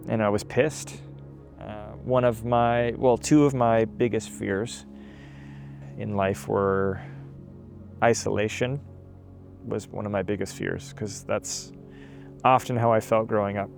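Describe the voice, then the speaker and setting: Halting young man recounting testimony. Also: on the low side, steady tone, vocal fry, soft background music. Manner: halting, filler-heavy, repeats words when emotional. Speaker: testimony guest. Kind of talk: personal testimony storytelling.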